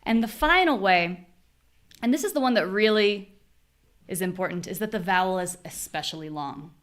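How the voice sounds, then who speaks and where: A woman's voice: medium pitch, animated. American woman teaching pronunciation aloud. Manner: clear, modeling words slowly with exaggerated stress. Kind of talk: live online class.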